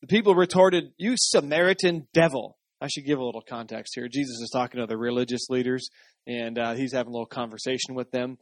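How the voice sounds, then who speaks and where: A man's voice: mid-range voice, fast talker, no room sound, studio quality. A man preaching a sermon in a conversational style, often checking in with the congregation. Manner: conversational, asks the congregation for responses. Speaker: pastor.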